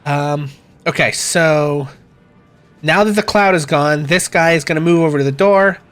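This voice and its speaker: A man running a tabletop game as game master, talking in a relaxed way with many fillers. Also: on the high side, normal speed, clean tone, soft background music.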